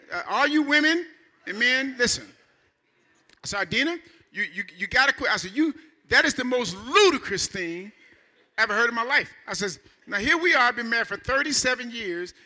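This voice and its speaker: A pastor in his fifties delivers a Sunday sermon in a high-pitched voice. His style is animated and conversational, building up to shouts.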